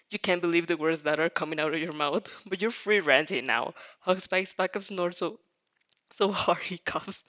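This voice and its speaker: A woman's voice: fairly low pitch, moderate pace, fairly bright tone. A young woman reading a fanfic aloud and reacting to it, giggling often and stumbling over words. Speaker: fanfic reader.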